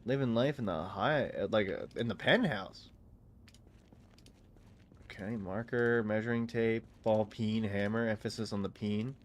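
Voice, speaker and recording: A man's voice: fairly low pitch, a little slow. Joking young man playing a game. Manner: joking, rambling, laughs often. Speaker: gaming streamer. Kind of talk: casual gaming commentary.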